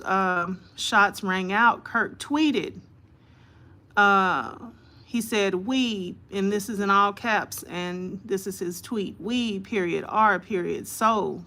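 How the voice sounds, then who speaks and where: On her live stream, a woman hosts by reading news stories aloud, hesitating often and using many fillers, and welcomes viewers by name. Her medium-pitched voice is a bit bright.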